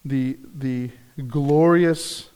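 A man's voice: mid-range voice, steady tone, very slow, darkish tone, smooth. A man preaching a sermon as pastor, earnest and repeating key phrases for emphasis.

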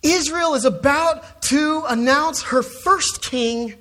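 A preacher delivering an expository sermon at an unhurried, measured pace. The voice leans hard on key words for emphasis and often repeats a word when restarting a phrase. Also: high-pitched, fairly bright tone.

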